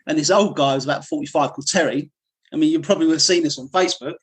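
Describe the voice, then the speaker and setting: A man's voice: on the high side, rapid-fire. A middle-aged man, a martial arts instructor, telling his life story candidly in an interview, rambling with frequent fillers and restarts. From United Kingdom.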